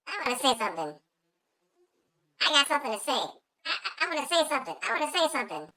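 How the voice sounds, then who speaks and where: A man doing an eager squeaky little sidekick. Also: sing-song, fast, bright, forceful tone, exaggerated voice. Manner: insistent, repeating itself.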